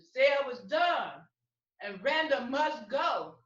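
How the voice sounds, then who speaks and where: Slow, high-voiced woman storyteller. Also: animated, sharp tone. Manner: theatrical, slow and emphatic. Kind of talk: dramatic storytelling performance. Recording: echoey room, far from mic, dull.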